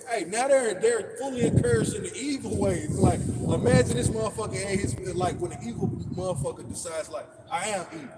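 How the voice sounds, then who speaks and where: A man's voice: high voice, a little fast, few pauses. A man leading a casual religious discussion in a preachy way, often repeating his words as he builds a point. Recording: noisy, distant mic.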